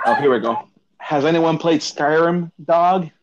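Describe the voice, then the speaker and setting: A man's voice: fairly high pitch, a little slow, muffled recording, a crowd in the background. A young man in casual group chat, often asking his friends questions. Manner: chatty, asks the group questions.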